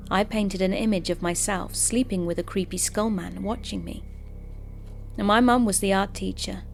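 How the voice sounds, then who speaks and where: Woman reading spooky stories, calm and steady, mid pitch, soft music behind. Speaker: host and narrator of horror stories. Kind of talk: scripted horror story narration.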